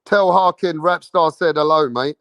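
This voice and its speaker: A slightly high-voiced man hosts a boxing livestream, talking at a normal speed with a London accent. He's brash and slangy, swears, repeats himself, and calls out questions to his chat before waiting for responses. The sound is a bit bright with no echo.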